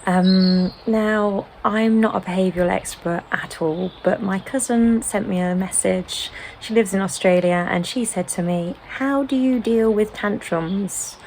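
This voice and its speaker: A British mother in a casual sit-down chat, explaining gently with frequent ums. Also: mid-range voice, steady tone, measured pace, few pauses, a little hiss or hum, rough recording. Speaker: home-educating mother.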